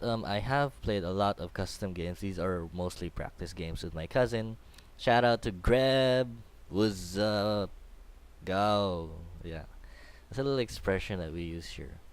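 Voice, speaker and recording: Casting note: young Filipino man, low voice, loose, rambling tutorial commentary full of fillers. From Philippines. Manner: chatty, rambling, many fillers and restarts. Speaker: gaming tutorial host. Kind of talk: casual game commentary over replay.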